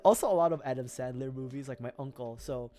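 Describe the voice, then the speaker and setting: A man's voice: mid-range voice, quick pace, mellow, faint music behind. A young man from the Philippines with a Filipino accent, chatting on a casual livestream, rambling, swearing freely and laughing often. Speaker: streamer.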